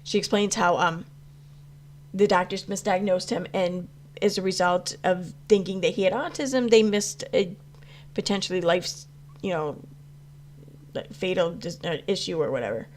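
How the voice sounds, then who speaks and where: A woman's voice: lowish voice, moderate pace, slight background noise. A woman hosting a casual livestream, reacting to chat messages and rambling through her views with many restarts, some swearing and frequent laughter. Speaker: commentary channel host reading live chat.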